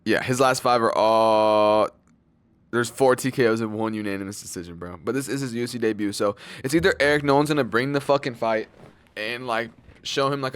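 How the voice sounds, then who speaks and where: A man's voice: mid-range voice, fairly bright tone, clean tone, no room sound. A young man giving casual, rambling fight predictions, loose and slangy, with lots of fillers and swearing. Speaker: MMA fight predictions channel host.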